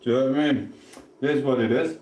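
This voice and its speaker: A man's voice: mid-range voice, fast, warm tone. A middle-aged man from England with a Sheffield accent, chatting cheekily and rambling as he answers his livestream chat. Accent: Sheffield English. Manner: chatty, cheeky, swears casually. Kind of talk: rambling casual live chat. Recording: echoey room.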